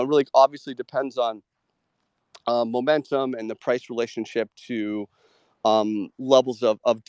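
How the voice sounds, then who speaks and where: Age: adult. Sex: man. Role: host of a live audio chat show. Pitch: mid. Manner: chatty and casual, leaning on "like" as filler. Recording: dry, close call audio. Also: darkish tone, no room sound. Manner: chatty, with many "like" fillers and quick agreeing murmurs.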